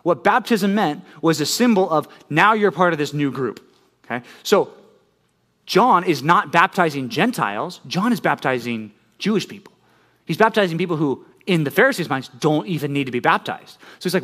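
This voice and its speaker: A middle-aged man preaching a sermon, walking listeners through a Bible passage. His voice sits a little higher than most men's. He explains in a casual, conversational way and keeps checking in with "okay?". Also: lively intonation, normal speed, fairly bright tone. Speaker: pastor. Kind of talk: sermon teaching on scripture.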